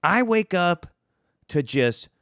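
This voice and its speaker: Animated, lively-pitched man telling a story. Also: slow, clean tone, no room sound, studio quality. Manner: animated, self-mocking, jumps up in pitch for emphasis. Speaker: podcast host. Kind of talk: casual storytelling.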